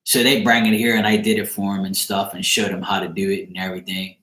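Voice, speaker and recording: A psychic card reader with a fairly low, fairly bright voice talks fast to the camera from his apartment, with little pitch movement. He rambles loosely through a story retelling, swearing throughout, and the room echoes.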